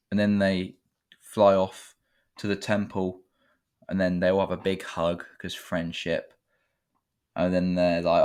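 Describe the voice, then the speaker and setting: A man's voice: deep voice, fairly even intonation, a little slow. A man giving a casual, sweary review, rambling and sarcastic.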